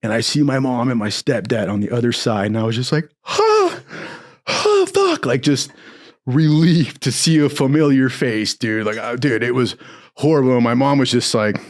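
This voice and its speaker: A man's voice: mid-range voice, brisk. A young man from Southern California, casually telling a long personal story, swearing often and acting out the voices of the people in it. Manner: profane, animated, acts out quotes in other voices.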